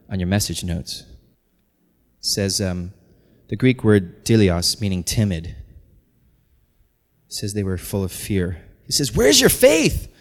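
A pastor in his thirties preaching a sermon, animated, building to loud, intense passages. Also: mid-range voice. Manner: animated, climbs to shouting intensity. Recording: long hall reverb.

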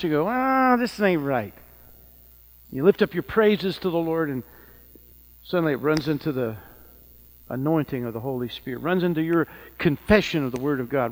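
A middle-aged man preaching with a bright, high voice. He tells stories and builds to fervent, emphatic peaks in his sermon. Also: rough recording. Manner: preaching with rising fervor and storytelling. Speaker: pastor.

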